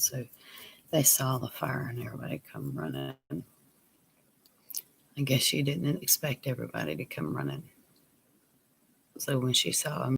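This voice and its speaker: A man telling a personal story on his vlog, plain and unhurried, sometimes dropping to a near whisper. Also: medium pitch, creaky, slight background noise. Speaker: vlogger.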